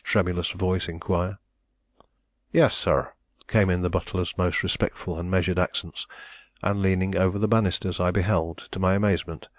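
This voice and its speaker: Deep-voiced man reading an audiobook. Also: no echo. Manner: measured and solemn. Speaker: audiobook narrator. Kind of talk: scripted audiobook narration.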